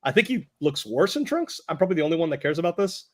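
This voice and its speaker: A man in casual wrestling chat, giving opinions in a measured, self-aware way. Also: fairly high pitch, sing-song, crowd noise.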